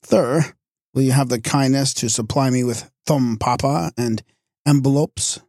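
A man's voice: a little slow, a little mellow, dry recording, studio quality, lightly acted. A man voicing a foppish rich young man who puts on an affected lisp and orders the staff about. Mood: haughty. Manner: haughty, lisping, high-handed.

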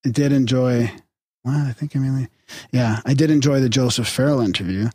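A relaxed man reads listener mail on a casual podcast, his voice sitting at an ordinary middle pitch. He chuckles and restarts as he goes. The mic sound is dry and close, with no room around it. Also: fairly quick, breathy edge, no room sound. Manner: laid-back, reads aloud with chuckles and restarts. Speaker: podcast co-host reading listener emails.

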